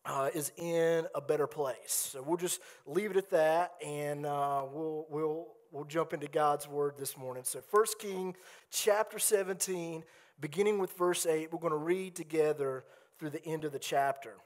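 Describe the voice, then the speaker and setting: A man's voice: fairly high pitch, steady tone, moderate pace. Man telling a story in a sermon. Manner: storytelling, conversational with quoted asides; reads scripture aloud. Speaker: teaching pastor.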